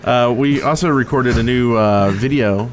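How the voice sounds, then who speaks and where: Guy chatting on a game podcast, kidding around, mid pitch, a little background hiss. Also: normal speed. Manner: joking, puts on goofy voices. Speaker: podcast co-host. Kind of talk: casual gaming podcast chat.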